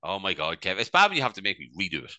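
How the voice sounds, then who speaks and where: A man's voice: sits low, huge pitch swings, rapid-fire, pushed and bright, no room sound. A man co-hosting a casual comedy podcast, rambling and tagging "right?" onto his sentences. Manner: rambling, peppers speech with "right?". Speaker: podcast co-host.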